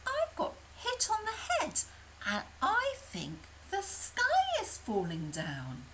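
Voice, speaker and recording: A woman squeaking as a silly panicky hen. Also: huge pitch swings, slow, a bit bright, a little hiss or hum, full character voice, poor audio. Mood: alarmed. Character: silly panicky female chicken.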